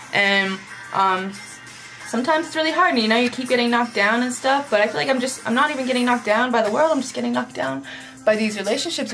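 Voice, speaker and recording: A woman's voice: medium pitch, a bit bright. A young woman vlogger chatting casually while doing her makeup, rambling and reflective, with lots of filler words. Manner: rambling, reflective, heavy use of "like".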